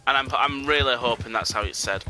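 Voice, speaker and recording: A man's voice: mid-range voice, fairly quick, bright, forceful tone, slight background noise. A young British man chatting casually and joking with viewers while he plays a game on a live stream.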